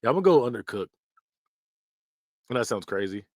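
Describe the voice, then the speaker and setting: A man's voice: medium pitch, fairly quick, no echo, studio quality. A man hosting a podcast, ranking phrases in a blunt, slangy way and laughing often as he mimics them. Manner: animated, laughs often, repeats phrases in mock voices. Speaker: podcast host. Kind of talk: casual tier-list commentary.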